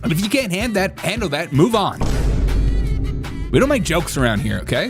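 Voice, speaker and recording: A man's voice: sits high, sing-song, normal speed, pauses often, over music. A man hosting a comedic live stream, full of sarcastic, jokey asides. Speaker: host.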